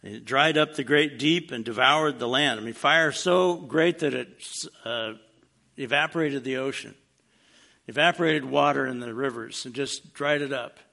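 A man's voice: medium pitch, moderate pace, creaky, pushed and bright. A man preaching a casual, plainspoken sermon, dropping in wry humorous asides as he teaches. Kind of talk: conversational sermon.

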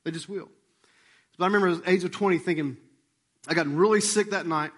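A man preaching in a loose, conversational storytelling style, with a voice that sits a little higher than most men's. He acts out the people in his story and drops to a near hush when the moment turns tender. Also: fast talker. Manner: animated and conversational, acts out remembered dialogue. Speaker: pastor. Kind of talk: storytelling sermon.

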